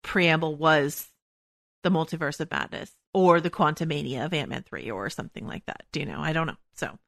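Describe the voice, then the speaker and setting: Woman podcast host, bright voice, low-ish pitch, dry close mic, rambling casual chat. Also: brisk, creaky, dry recording. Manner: rambling, thinking aloud with many restarts.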